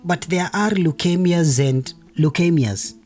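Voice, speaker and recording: A man reading as a young surgical resident and husband, worn out and a little defensive. His even, everyday delivery turns apologetic, with soft guitar faint under the storybook voice. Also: a little high, a little slow, voice pushed up, lightly acted. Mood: consoling.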